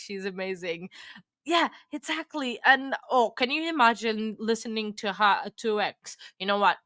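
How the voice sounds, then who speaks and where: A woman's voice: fairly high pitch, sharp tone, no echo. A woman hosting a casual chat, gushing about another creator with lots of fillers. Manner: chatty, gushing, many fillers. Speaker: host.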